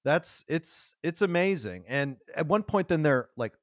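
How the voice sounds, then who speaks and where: Excitable male podcast host, dry sound. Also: fairly high pitch, measured pace, no echo. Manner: excitable, swears, laughs often. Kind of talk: casual podcast chat.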